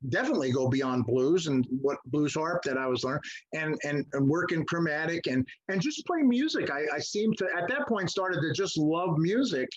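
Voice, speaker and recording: An older man with a husky, slightly high voice tells stories with lively energy and slips into other people's voices as he quotes them. The recording sounds dull and lo-fi. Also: normal speed. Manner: animated storyteller, acts out quoted voices. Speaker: guest musician. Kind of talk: storytelling interview. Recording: muffled lo-fi audio.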